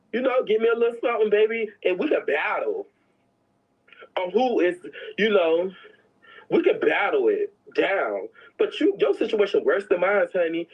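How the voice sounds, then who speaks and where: A woman's voice: medium pitch, slightly rough. A woman telling prison stories in a casual, sassy, dramatic way, slipping into other people's voices. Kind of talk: casual storytelling. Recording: dull lo-fi sound.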